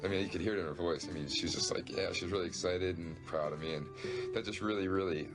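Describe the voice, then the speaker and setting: Earnest halting man, music behind. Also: sits low. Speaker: reality show contestant. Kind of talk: casual emotional chat.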